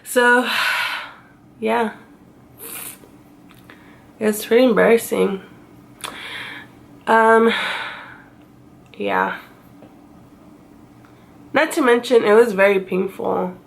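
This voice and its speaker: Woman in her 30s doing a story time vlog, slow and gravelly, kinda high voice, jokes at herself. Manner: chatty, self-mocking, acts out her own past crying in a high wail. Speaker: vlogger.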